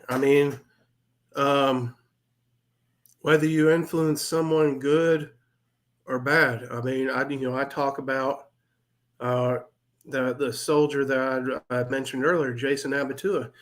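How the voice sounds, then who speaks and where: A man in his forties, a retired army first sergeant, speaking candidly and plainly as an interview guest, often pausing and restarting. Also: mid-range voice. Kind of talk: casual interview talk.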